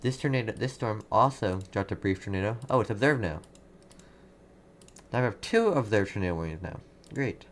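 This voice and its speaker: Man, lowish voice, live weather stream host, urgent, repetitive, reads chat, desk mic, faint typing behind. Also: animated, fairly quick, a little hiss or hum. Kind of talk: live severe weather commentary.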